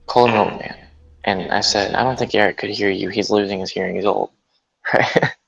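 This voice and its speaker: Gravelly low-voiced man telling a story. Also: no room sound, muffled recording. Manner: rambling, laughs through his story, frequent fillers. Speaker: guest. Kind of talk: casual storytelling chat.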